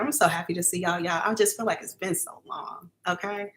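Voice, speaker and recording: A female psychic reader on a livestream speaks fairly quickly with few pauses, in a lowish, steady, fairly bright voice. Casual yet emphatic, she repeatedly checks in with "okay?" and comes across as earnest and emotional, at moments close to tears.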